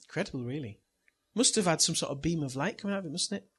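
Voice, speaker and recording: Speaking very fast, this middle-aged male pastor tells a personal story in his sermon, chatting easily and chuckling at his own jokes. The voice is pitched a little high and carries a gravelly, husky quality.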